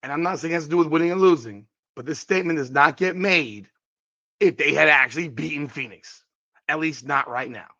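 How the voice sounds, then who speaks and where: A man's voice: fairly high pitch, a little fast, bright, forceful tone, no echo, lo-fi sound. A man hosting a podcast, giving emphatic sports commentary on a clip and repeating his points for weight. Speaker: podcast host.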